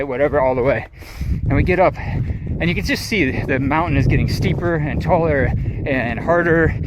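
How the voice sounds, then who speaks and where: A middle-aged man tells a long, animated story as he moves along a wooded trail, slipping into his friends' voices now and then. His voice sits a little high for a man. Clear outdoor noise runs under the recording. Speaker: trail runner vlogger. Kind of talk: casual storytelling while running.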